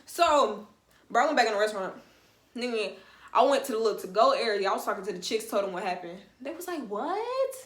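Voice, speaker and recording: A young woman telling a story on her vlog in a slangy, animated, emphatic way. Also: medium pitch, fast talker. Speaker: vlogger. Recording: roomy echo.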